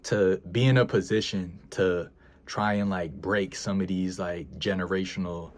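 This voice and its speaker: A young man with a very low voice speaks casually to his audience. He is earnest and emotional, sighing and hesitating, and he circles back over his own words as he reflects. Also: fairly even intonation, measured pace. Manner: earnest, emotional, repeats himself, sighs and hesitates. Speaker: freelance video editor vlogger. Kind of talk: reflective casual vlog talk.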